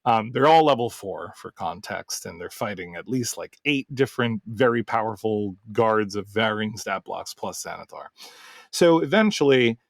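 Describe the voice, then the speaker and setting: A man's voice: on the low side, expressive, normal speed, creaky, no room sound, studio quality. A man who hosts a podcast and runs tabletop games, telling a session story in a rambling, casual way. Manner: rambling, full of fillers and restarts. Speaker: game master and podcast host.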